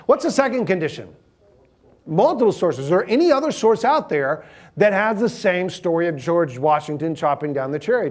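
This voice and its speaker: A middle-aged man, giving a sermon in a conversational, humorous storytelling manner and asking the audience questions. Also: high-pitched.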